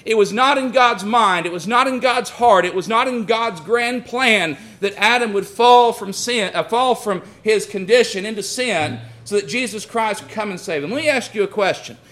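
A man's voice: sits high, normal speed, hardly any pauses, bright, forceful tone. A man preaching a sermon in a folksy, storytelling way, calling his listeners friends and pressing his points with rising and falling force. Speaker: pastor.

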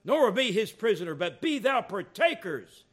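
A man preaching, his voice pitched high and swooping up and down in lively arcs. He goes from quiet confiding asides to loud, emphatic calls to his congregation. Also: moderate pace. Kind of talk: sermon.

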